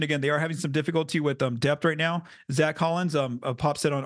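Solo podcast host, male, quick delivery with lots of "um"s and restarts, slightly high voice, dry close recording. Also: no room sound. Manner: fast-talking with frequent fillers and restarts. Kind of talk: solo sports podcast analysis.

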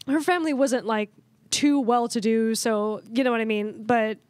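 Woman, high-pitched, dry close mic, podcast host, casual story, acts out quotes. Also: moderate pace, no echo. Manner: animated storyteller acting out quotes.

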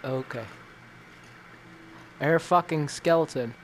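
A man's voice: fairly high pitch, animated, measured pace, pauses often, heavy background noise. A man reacting while playing a VR game, jumpy and panicky and swearing constantly. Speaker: gamer.

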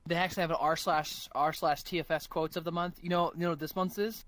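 A man's voice: on the high side, fairly even intonation, fast, a bit bright, no room sound. A man in a casual VR chat, telling a story and quoting lines with laughter.

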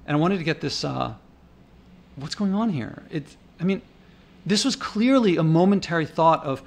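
Animated and on the high side, with vocal fry and a moderate pace, a vlogger gives casual commentary over park footage he shot. He rambles indignantly, restarting as he thinks aloud and getting worked up.

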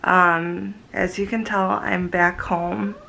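Giggly young woman with a gravelly voice. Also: lowish voice, flat delivery, slow, pushed and bright, slight background noise, poor audio. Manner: gushing, giggly. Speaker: vlogger. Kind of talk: casual vlog talk.

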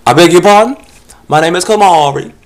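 A man voicing a flamboyant, pushy young male phone salesman with a high sing-song drawl. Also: a little fast, natural voice. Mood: insistent.

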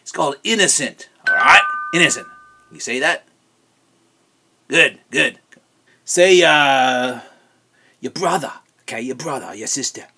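A man's voice: medium pitch, unhurried, pauses often, pushed and bright, a little hiss or hum. A man playing a rambling, preachy vegan kids TV host who talks down to children and repeats his words, with music underneath. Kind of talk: comedic kids-show parody.

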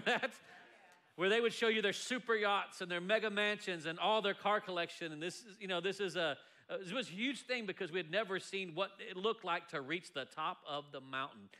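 Male pastor, high voice, bright and ringing, jokey sermon delivery. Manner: playful, joking, lively delivery with laughs. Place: church sanctuary before a congregation.

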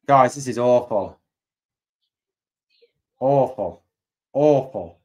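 A man's voice: medium pitch, very slow, darkish tone. A man hosting a live fan stream, reacting to a match result. He sounds angry and deflated, repeats himself and swears a lot. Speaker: fan channel host.

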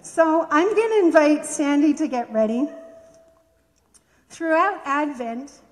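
A woman gently and expressively reading a children's story aloud in a church worship service. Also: sits high, slow pace, in a large hall.

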